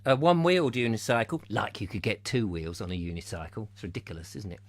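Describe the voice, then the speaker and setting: A man's voice: on the low side, fast talker. A man hosting a comic live chat show, rambling and silly in his banter. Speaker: host.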